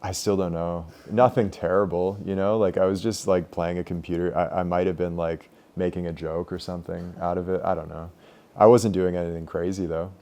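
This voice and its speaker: A man's voice: sits low, a little fast. A young man leading a group meditation class in a casual, loose way, full of filler words. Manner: relaxed, loose, many "like" fillers. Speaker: meditation teacher.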